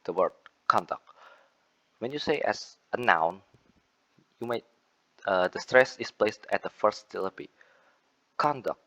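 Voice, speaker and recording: Young Indonesian-accented man, low voice, unhurried student presenter. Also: fairly bright tone, low-quality recording. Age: young adult. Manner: repeats example words to show stress, with fillers and self-corrections. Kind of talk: class presentation on word stress.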